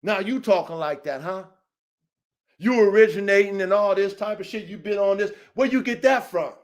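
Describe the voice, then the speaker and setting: A man with a high voice for his sex, hosting a dog-training podcast. He rants in a heated, confrontational way, swearing freely and repeating himself for emphasis. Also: normal speed. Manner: profane, repetitive, confrontational. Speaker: dog trainer and show host.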